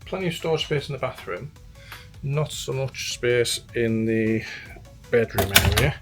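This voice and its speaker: A man's voice: mid-range voice, animated, unhurried. A tired man from the UK casually reviewing a cruise ship cabin in a vlog, chatty and matter-of-fact. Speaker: vlogger touring a cruise cabin. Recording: background music mixed over the voice. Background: music.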